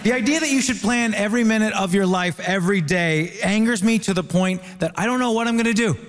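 A man's voice: sits high, quick pace, background noise. A man from Ontario doing a wry, mock-exasperated stand-up bit in a comedy debate. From Ontario, Canada. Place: stage before a live audience. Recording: live stage, audience laughter, reverb.

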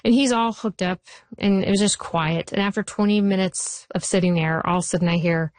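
A woman television writer answering interview questions, telling stories with lively acted-out quotes. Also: mid-range voice, brisk, dry recording. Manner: animated, acts out quoted voices in anecdotes. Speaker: TV writer and showrunner guest. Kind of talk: conversational interview storytelling.

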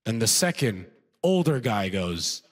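Animated male stand-up comic. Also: on the low side, unhurried, big-room sound. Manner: animated, storytelling, frequent "right?" asides. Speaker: stand-up comedian. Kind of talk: stand-up set.

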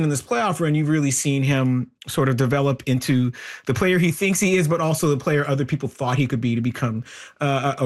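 A man talking as a sports analyst guest, analytical and conversational. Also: a little high. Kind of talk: casual interview talk.

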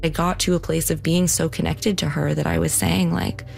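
A woman's voice: low-pitched, flat delivery, normal speed, vocal fry, darkish tone, faint music behind. A woman recalling events in an interview, earnest, often quoting what she and others said. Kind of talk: personal recollection in interview.

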